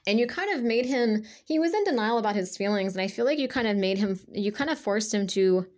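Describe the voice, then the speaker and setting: A woman talking straight to her viewers in a loose, unscripted energy reading, at a mid pitch for a woman. She rambles, restarts her sentences and fills them with fillers. She speaks bluntly and swears freely. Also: expressive, fairly quick, a little mellow. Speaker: spiritual energy reader. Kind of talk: casual spoken reading to camera.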